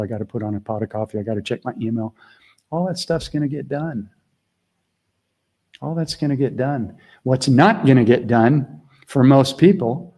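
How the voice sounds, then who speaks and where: A middle-aged man mentoring a group on a video call, talking earnestly and casually, shifting between quiet asides and emphatic points. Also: medium pitch. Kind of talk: casual teaching talk.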